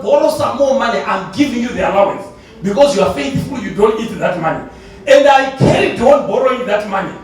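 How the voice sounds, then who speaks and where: A man, a church elder from Zimbabwe, giving an animated testimony at a conference, laughing often and repeating himself. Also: very high voice. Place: large conference hall. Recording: echoey hall from far off, faint noise.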